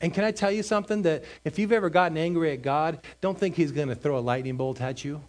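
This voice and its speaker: High-voiced man preaching. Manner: emphatic preaching with drawn-out, repeated phrases. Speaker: pastor. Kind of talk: sermon.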